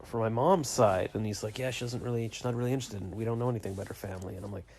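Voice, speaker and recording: Rambling low-voiced man vlogging. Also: fairly even intonation, very fast, a little mellow, a little hiss or hum. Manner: rambling and reflective, retelling conversations. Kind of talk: casual late-night video diary. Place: small home studio.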